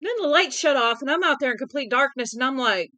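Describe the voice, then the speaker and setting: A woman's voice: high-pitched, expressive, quick pace, pushed and bright, no room sound, low-quality recording. Tired, chatty woman reading aloud. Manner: chatty, breaks off reading to talk to chat. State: tired, yawning. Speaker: streamer reading a novel aloud. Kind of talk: casual book reading with chatty asides.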